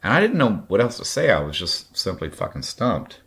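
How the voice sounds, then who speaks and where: A man in his late forties from Kentucky speaks in a very deep, low voice. He tells his story bluntly, with raw, heavy profanity. It is a personal podcast monologue with a drinking edge. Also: sing-song, normal speed, a bit bright. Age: late 40s. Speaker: podcast host.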